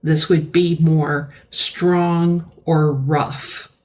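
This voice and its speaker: A woman teaching English vocabulary, explaining words slowly and repeating key terms. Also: sits low, little pitch movement, a little mellow. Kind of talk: slow classroom-style vocabulary lesson.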